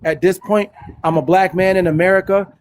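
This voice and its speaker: High-voiced passionate Philadelphia man. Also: steady tone, a little fast. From North Philadelphia. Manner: passionate, voice rises when worked up. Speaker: caller. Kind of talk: heated live-stream debate.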